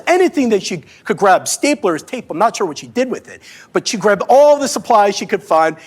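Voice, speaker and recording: A man in his forties giving a talk on stage, telling a story in a playful, animated way with self-mocking humor. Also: sits high. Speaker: speaker at a live talk event. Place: stage before a live audience.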